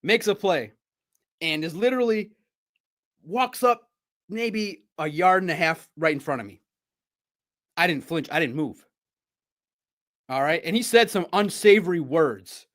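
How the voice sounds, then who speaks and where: A middle-aged man hosts a casual sports recap. His voice sits a little higher than most men's. He tells his stories in an animated, chatty way. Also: unhurried, long pauses. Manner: animated, chatty storytelling with laughs. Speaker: podcast host.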